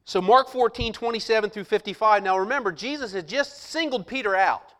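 A man preaching a sermon, reading scripture slowly and emphatically and pausing dramatically around rhetorical questions. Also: sits high, a bit bright.

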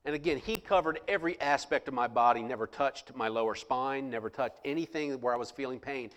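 A man telling a personal story to listeners in a lively way, acting out the people he quotes. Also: mid-range voice, brisk. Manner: animated, acts out the people he quotes. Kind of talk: personal anecdote told to listeners.

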